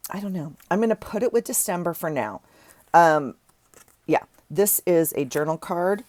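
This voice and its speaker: A woman vlogger with a low, slightly mellow voice and no echo chats casually while tidying her desk and sorting through journaling supplies. She rambles in a chatty way, often correcting herself as she goes.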